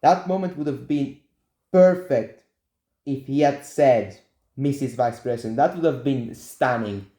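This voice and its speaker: A man's voice: mid-range voice, unhurried, dark tone, reverberant. A young man hosting his own show, giving blunt, repetitive political opinions and talking straight to viewers. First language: Italian. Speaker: show host. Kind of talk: casual political commentary.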